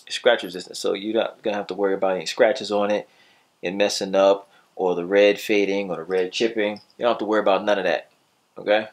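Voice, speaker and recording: Speaking in a lowish voice, a vlogger gives a casual gadget review, chatting with viewers in laid-back slang before closing out with a louder, cheerful sign-off.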